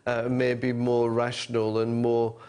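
A male professor speaks as a guest in a political interview, with a voice of ordinary pitch. He answers hesitantly, restarting with "um" and adding wry asides. His delivery is loose and conversational. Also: monotone, unhurried, a little mellow, clean tone.

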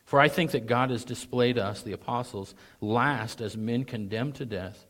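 A middle-aged male pastor preaching a sermon, animated, his voice rising sharply when he mocks with sarcasm, often clearing his throat. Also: medium pitch, moderate pace.

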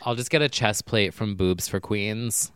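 A man's voice: lowish voice, a little slow, a bit bright, smooth, no room sound. A man co-hosting a casual podcast, playful and jokey in his banter. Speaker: podcast co-host. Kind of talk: casual chat, joking.

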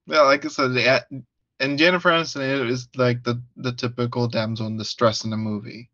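A man's voice: medium pitch, steady tone, fairly quick, pushed and bright, no room sound, muffled recording. A man co-hosting a casual movie review podcast, hesitant and laughing often. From United States. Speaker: podcast co-host.

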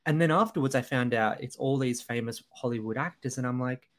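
A man's voice: medium pitch, brisk. A man co-hosting a podcast, talking over a film in a hesitant, earnest way, with many ums and restarts. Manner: earnest, critical. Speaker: podcast co-host. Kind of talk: casual film review chat.

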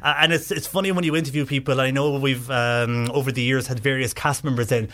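A man's voice: medium pitch, fairly even intonation, a little fast, fairly bright tone, slight background noise. A man hosting a local radio interview, asking long, friendly, rambling questions. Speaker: radio presenter.

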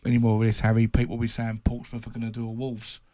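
A man's voice: mid-range voice, monotone, fast, mellow, no room sound. A man, a football journalist, telling anecdotes in casual chat and laughing at his own impressions.

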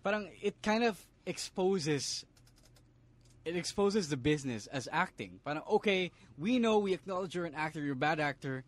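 A man's voice: fairly high pitch, lively intonation, moderate pace. Chatty man mixing Tagalog. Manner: analytical, mixes Tagalog into English. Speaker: podcast co-host. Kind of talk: casual wrestling chat.

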